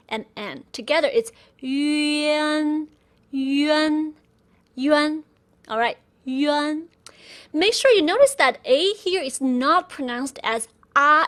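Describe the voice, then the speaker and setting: Patient language teacher, woman, high voice, unhurried drilling of syllables. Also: pushed and bright. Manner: demonstrates sounds slowly, repeats syllables for learners. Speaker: Chinese pronunciation teacher. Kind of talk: slow instructional pronunciation lesson.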